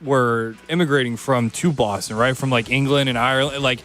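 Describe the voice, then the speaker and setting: A man's voice: mid-range voice, a little fast, fairly bright tone, soft background music. Musing male radio co-host, loose talk. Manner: loose and musing, many fillers like "like". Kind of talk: casual sports radio chat.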